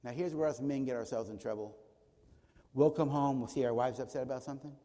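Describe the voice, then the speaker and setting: A man's voice: medium pitch, fast talker, mellow, in a large hall. A man giving a teaching talk at a church conference, posing rhetorical questions and answering them himself, with short acted dialogues. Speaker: conference speaker. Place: church auditorium.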